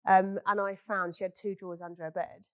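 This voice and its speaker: A woman's voice: mid-range voice, little pitch movement, a little fast, a bit bright, clean tone, no room sound. A woman, a beauty business owner, telling stories in a candid chat and swearing freely. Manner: blunt, swears freely, storytelling.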